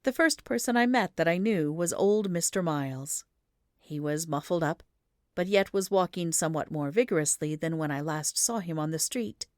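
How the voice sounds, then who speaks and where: A woman reads an audiobook in a low, steady voice. Her storytelling is measured and even, and the recording is dry and close with no room sound. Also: dry recording. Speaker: audiobook reader. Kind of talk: audiobook narration.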